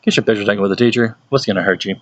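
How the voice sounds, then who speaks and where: A young man, a youth pastor telling stories in a casual, animated way and often laughing. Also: lowish voice, racing, muffled recording. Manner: animated storytelling, laughs often, puts on voices for people he quotes. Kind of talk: casual talk to a youth group.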